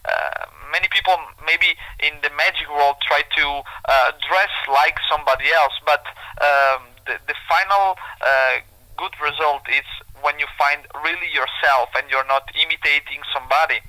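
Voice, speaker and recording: A man's voice: on the high side, steady tone, normal speed, pushed and bright, low-quality recording. An Italian man, a guest escapologist, answering interview questions in English with an Italian accent, hesitant and full of fillers. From Italy. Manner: hesitant, many fillers, non-native phrasing.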